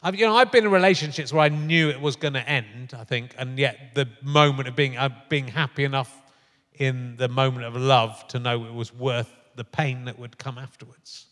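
A man's voice: medium pitch, fairly even intonation, normal speed, fairly bright tone. A middle-aged man hosting a live comedy podcast in front of an audience, chatting in a bawdy, joking way and laughing often. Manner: jokey, bawdy, laughs a lot. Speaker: podcast host. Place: large live venue on stage. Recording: long hall reverb from a live venue.

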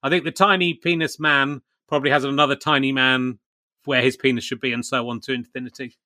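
A man's voice: medium pitch, level tone, fairly quick, bright, forceful tone. A man with an English accent hosting a comedy podcast, playfully asking absurd questions. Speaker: podcast host. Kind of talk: casual podcast chat.

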